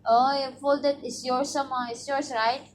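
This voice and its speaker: A woman's voice: high voice, level tone, unhurried. A woman with a Filipino accent chatting casually at home at bedtime, coaxing a child and then reading a story aloud, tacking little particles onto her sentences. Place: bedroom at home.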